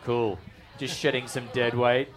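A man hosting a live podcast, teasing his guests in a halting, joking way. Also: medium pitch, little pitch movement, music in the background. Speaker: podcast host. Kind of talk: casual live podcast chat. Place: live podcast in a bar venue.

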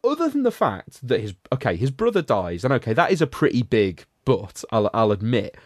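A man's voice: medium pitch, sing-song, brisk, no room sound, clean studio sound. A man hosting a podcast, giving a sardonic, rambling recap of a film in casual chat. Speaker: podcast host reviewing a film.

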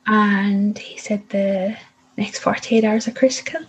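A woman's voice: mid-range voice, little pitch movement, measured pace, highs cut off, a little hiss or hum. A young woman telling a personal story in a vivid way, acting out the voices of the people in it.

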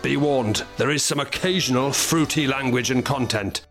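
A man's voice: mid-range voice, normal speed, fairly bright tone, faint music behind. A Welsh man co-hosting a casual comedy podcast, bantering dryly and swearing now and then. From Wales. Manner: dry, joking banter with swearing. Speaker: podcast co-host.

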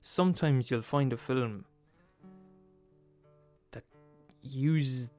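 Male podcast host, mid-pitched, sweary comic rant with faint guitar music underneath. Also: drawn-out words, a little mellow. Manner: profane, emphatic, laughs at his own points. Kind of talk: comedic rant.

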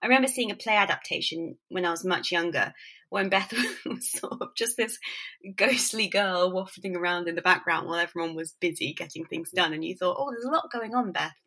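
A woman hosting a relaxed book conversation, friendly and chatty. Her voice is gravelly with a lot of fry, and her tone is bright and forward. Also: on the low side, a little fast. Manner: friendly, chatty, frequent small assents. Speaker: host. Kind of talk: casual interview chat.

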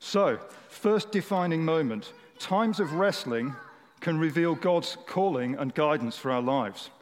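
Brief: male preacher, chatty and humorous, slightly high voice, reverberant church hall. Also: expressive, measured pace. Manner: conversational, humorous, with fillers. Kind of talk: sermon. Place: church hall with a large audience. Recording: echoey hall.

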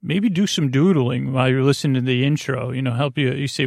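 A man's voice: mid-range voice, a little fast, gravelly, hardly any pauses, a little mellow, no room sound, studio quality. A man hosting a sleep podcast, rambling through a meandering bedtime monologue with goofy asides.

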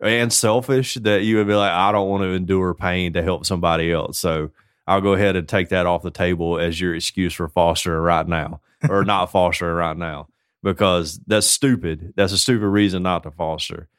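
A man's voice: low voice, normal speed, clear, resonant tone, no echo, clean studio sound. A man co-hosting a podcast, chatting casually and telling joking stories about his life as a foster parent. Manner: joking, animated storyteller. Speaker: podcast co-host. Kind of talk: casual chat.

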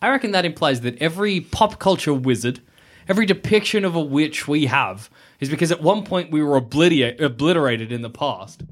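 A man chatting casually about a movie with friends, animated and laughing often. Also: a little high, fairly quick. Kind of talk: casual chat.

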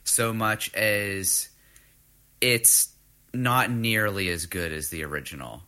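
A man co-hosting a podcast, talking casually in a halting way that stops and restarts, with casual swearing. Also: on the low side, bright, forceful tone. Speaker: podcast co-host. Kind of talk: casual chat.

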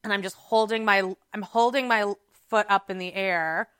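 A woman co-hosting a podcast recounts a story with animated, dramatic energy and lots of filler words. Her voice is bright and crisp. The sound is dry and close. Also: medium pitch, normal speed, dry recording. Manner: animated, dramatic retelling with many "like"s. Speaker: podcast co-host. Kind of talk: casual storytelling chat.

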